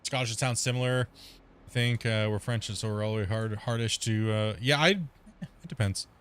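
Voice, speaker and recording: A man hosting a casual multiplayer gaming chat, talking extremely fast and rambling with restarts. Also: lowish voice, steady tone, clear, resonant tone. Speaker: streamer host.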